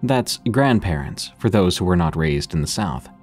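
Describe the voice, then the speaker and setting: A man narrating horror stories in a calm, measured, scripted reading. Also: low voice, faint music behind.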